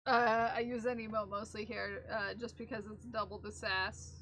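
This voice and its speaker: A woman's voice: medium pitch, little pitch movement, normal speed, a bit bright. A woman streamer chatting casually and playfully with her live chat from a room at home.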